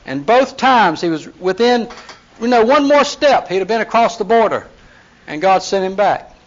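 A man teaching a Bible class in a relaxed, conversational way, retelling scripture in lively acted voices and putting questions to his listeners. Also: sits high, normal speed. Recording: dull lo-fi recording.

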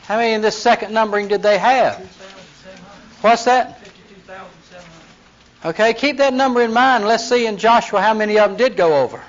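A high-pitched man leads a Bible class in a loose, talkative way. He acts out the scripture scenes in lively voices and throws questions to the room. The recording is dull and lo-fi. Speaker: Bible teacher. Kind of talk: conversational Bible teaching.

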